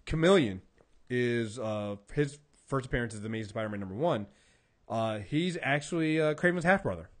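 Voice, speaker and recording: A man co-hosting a casual podcast about comic books, retelling stories in an animated way with lots of fillers. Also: medium pitch, normal speed. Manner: animated storyteller, acts out quotes, many fillers. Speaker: podcast co-host. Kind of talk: casual comic book chat.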